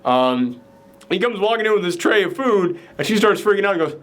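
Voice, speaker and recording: A man with a fairly high voice hosts a relaxed movie review chat. He retells the story in an animated way, leaning on "like" as filler. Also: fairly quick. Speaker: podcast host.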